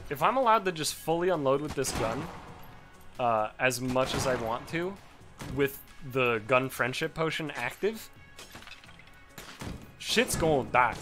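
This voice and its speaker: A man talks through a game as a casual let's play host, cursing freely and breaking into frustrated rants. His voice sits at an ordinary middle pitch. Game music plays clearly underneath him the whole time. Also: lively intonation, a little slow, pauses often. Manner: profane, swings into loud frustrated outbursts. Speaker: gaming YouTuber.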